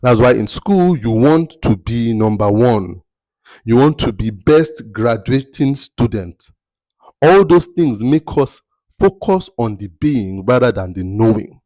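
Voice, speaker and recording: A man's voice: mid-range voice, expressive, slow, mellow, dry recording. A man giving a motivational talk as a mentor, emphatic and rhetorical, repeating his key phrases. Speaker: mentor giving life advice.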